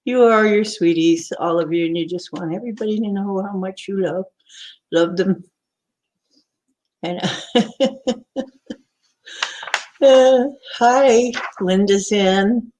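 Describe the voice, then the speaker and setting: A woman's voice: mid-range voice, slow pace, long pauses, darkish tone. A woman hosting a live stream in a casual, rambling way, greeting viewers by name and chatting before a craft lesson. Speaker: livestream host.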